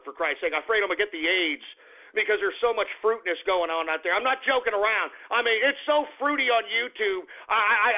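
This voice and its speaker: A man hosting talk radio, ranting in a profane, rambling and indignant way, heard over tinny phone-line radio audio. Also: high voice. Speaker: radio talk show host.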